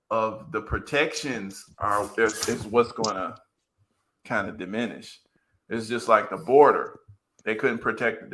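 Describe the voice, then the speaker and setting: Bright, rambling man in earnest talk. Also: lowish voice, slight background noise. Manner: rambling, repeats words, earnest. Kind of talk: casual commentary talk.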